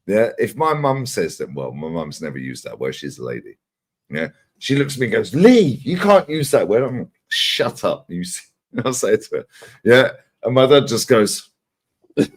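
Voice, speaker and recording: A man's voice: on the low side, very animated, normal speed. A man with a Cockney London accent chatting in casual live-stream banter, swearing freely and laughing often. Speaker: guest.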